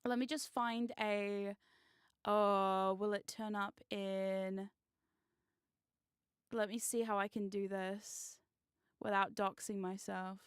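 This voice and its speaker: A woman streamer chatting casually on a live stream, excitable and giggly, swearing freely. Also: medium pitch, slow, pauses often, smooth, dry recording, clean studio sound. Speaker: VTuber streamer.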